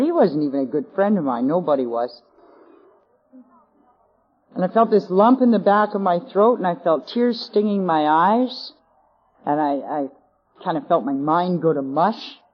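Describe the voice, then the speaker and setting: Wry Canadian woman telling her story. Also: fairly low pitch. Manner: wry, self-mocking storytelling. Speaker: speaker at a recovery convention. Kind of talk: personal testimony to an audience. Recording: dull lo-fi 1980s convention tape.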